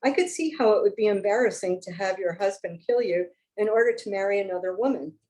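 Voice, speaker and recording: A woman reads her own story aloud at a live reading, narrating in a wry, expressive first person. Her voice sits at a middling pitch. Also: fast, poor audio. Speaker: author reading her fiction.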